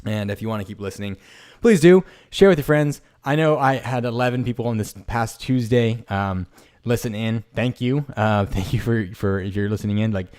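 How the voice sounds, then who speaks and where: A man hosting a casual solo podcast, rambling and halting with many restarts and fillers, laughing at himself when he loses a word. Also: on the low side, a little mellow, smooth. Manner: self-deprecating, laughs at himself. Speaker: podcast host. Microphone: streamed podcast mic.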